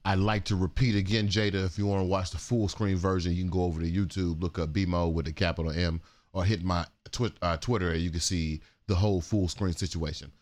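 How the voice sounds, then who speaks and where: A man's voice: sits low, steady tone, a little fast, darkish tone, no echo. A man hosting casual commentary on viral clips, talking in a laid-back, frank, slangy way. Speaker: commentator host.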